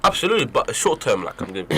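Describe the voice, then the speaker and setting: A young man co-hosting a radio talk show, joking fast and stumbling over his words. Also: mid-range voice, big pitch swings, sharp tone. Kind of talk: casual banter.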